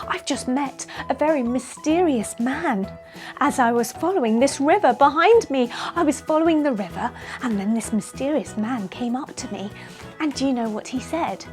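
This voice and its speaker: High, bubbly woman storyteller for kids. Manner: expressive, playful, speaks directly to children. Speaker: children's storyteller. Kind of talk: animated storytelling for children. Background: faint music.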